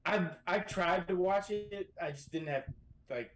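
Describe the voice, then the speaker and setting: A man talking as a guest on a casual podcast from a hotel room, telling profane, animated stories. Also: high voice, a little slow.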